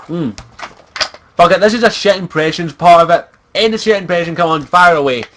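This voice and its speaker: A man's voice: high-pitched, brisk, a bit bright. A young man from Scotland, a streamer chatting casually in a profane, giggly, rambling way. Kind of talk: casual livestream chat.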